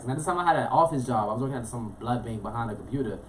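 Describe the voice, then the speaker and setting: Fast-talking young man from Florida. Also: mid-range voice, slight background noise. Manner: fast, animated, streetwise slang, frequent "you know what I'm saying". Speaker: interview guest. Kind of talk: casual personal storytelling.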